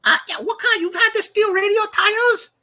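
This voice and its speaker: A man's voice: very high-pitched, pushed and bright, voice pushed up, full character voice. A man putting on the voice of a dim-witted customer phoning a tire shop, stammering as he asks. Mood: bumbling. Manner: stammering, halting.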